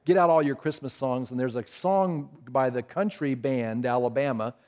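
A man's voice: mid-range voice, normal speed, a little mellow. An older man preaching a sermon, telling family stories and asking the congregation questions. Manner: storytelling, asks the congregation questions. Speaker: pastor.

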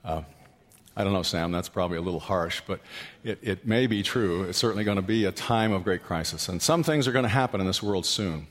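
A man's voice: low voice, brisk. Preaching man in a reverberant hall. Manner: storytelling, rising to loud animated peaks; asks the congregation questions. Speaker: pastor. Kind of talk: sermon. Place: church hall.

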